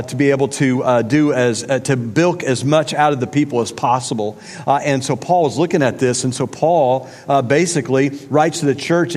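A man delivers a sermon in an easygoing, conversational way, full of fillers and asides to his listeners. His voice sits at a middle pitch. A long reverb from the hall trails each phrase. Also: a little mellow. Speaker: pastor.

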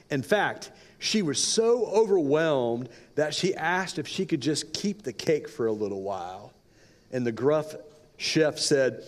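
A male pastor telling a story during a sermon, dramatic and varying his pace for effect. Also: medium pitch. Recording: long reverb in a large hall.

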